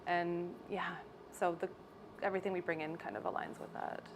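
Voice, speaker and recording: A young woman with a Canadian accent, a salon owner chatting in an interview, bubbly and animated, often laughing as she tells stories. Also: on the low side, normal speed, background noise. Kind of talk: casual interview chat. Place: hair salon.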